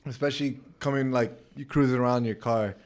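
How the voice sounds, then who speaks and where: A man's voice: medium pitch, fairly even intonation, fast talker. A man in casual chat, laid-back, swearing now and then.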